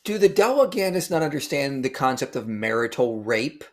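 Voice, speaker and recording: A man's voice: medium pitch, big pitch swings, normal speed, crowd noise. A man in a casual panel discussion, explaining emphatically.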